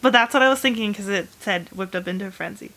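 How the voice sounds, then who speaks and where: Female host, mid pitch, bright and sharp tone, chatty rambling storyteller with a playful streak. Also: fast. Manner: animated retelling of history with bursts of humor. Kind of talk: casual chat.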